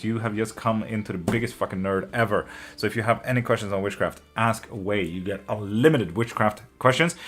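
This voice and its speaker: A man with a fairly low pitch, a fairly bright tone and a breathy edge hosts a live tarot stream. He reads viewer comments and chats loosely, swearing freely, laughing often, and getting openly emotional and affectionate with his audience.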